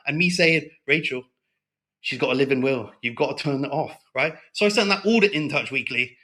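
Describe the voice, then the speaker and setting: A man's voice: fairly high pitch, lively intonation, normal speed, bright, forceful tone. A man talking as a guest in a casual interview, heated and blunt, swearing often and tagging lines with "right?".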